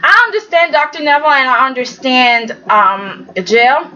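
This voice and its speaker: Woman, chatty soap recapper, higher voice, slightly muffled home recording. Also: expressive, moderate pace, sharp tone. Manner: chatty, retells scenes as loose quoted dialogue with many "okay?" tags. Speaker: soap opera recap vlogger. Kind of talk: casual chat recapping an episode. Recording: dull lo-fi sound with faint noise.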